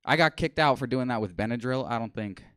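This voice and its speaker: A man in his twenties doing a deadpan, self-mocking stand-up set on a small comedy stage. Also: medium pitch, quick pace, crowd noise. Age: 20s.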